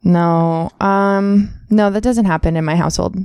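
A woman co-hosting a podcast, chatting casually, telling stories quickly and laughing often. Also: lowish voice, steady tone, darkish tone, clean tone, no echo, clean studio sound. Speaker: podcast co-host. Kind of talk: casual chat.

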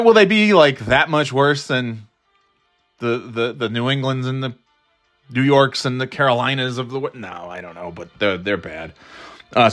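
A man talks through his football picks in a loose, rambling monologue, cursing freely and laughing at his own bad calls. His voice sits at an ordinary middle pitch, and faint music plays softly underneath. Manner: rambling, profane, self-mocking, many restarts. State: throat irritated, clearing it. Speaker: podcast host giving football picks.

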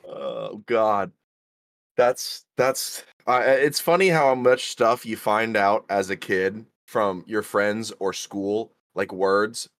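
A man's voice: on the low side, steady tone, takes it slowly, no echo. Giggly male podcast co-host, dry sound. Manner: laughs often, asks prodding questions. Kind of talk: crude casual podcast banter.

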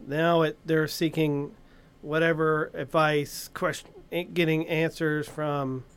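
A man's voice: a little high, level tone, slow, clear, resonant tone. A man in a round-table talk, reassuring the others with brief remarks.

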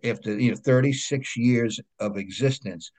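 A man with a New York accent, a guest telling lively anecdotes in a casual interview and often checking in with "right?". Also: medium pitch, moderate pace. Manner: animated anecdotes, frequent "right?" check-ins. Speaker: guest, comic book creator.

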